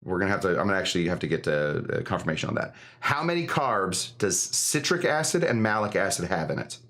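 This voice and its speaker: A man's voice: low-pitched, sing-song, fast talker, a bit bright. A man hosting a live cocktail stream, chatting in a rambling, jokey way full of fillers. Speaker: host of a live cocktail show.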